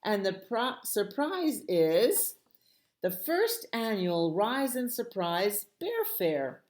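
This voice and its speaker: A woman librarian reading a picture book aloud at a children's storytime, playful and expressive with sound words. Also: medium pitch, takes it slowly.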